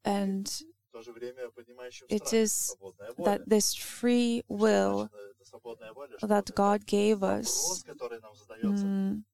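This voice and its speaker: A woman whose first language is Lithuanian, preaching a sermon in an earnest, halting way with many restarts. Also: mid-range voice, little pitch movement, gravelly, mellow.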